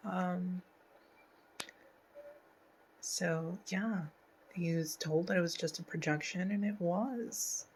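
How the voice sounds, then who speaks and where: A woman hosting a casual reaction video, talking through an episode with many fillers and slipping into a soft whisper at sad parts. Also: lowish voice, takes it slowly, long pauses, slight background noise, rough recording. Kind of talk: casual pause-and-talk commentary.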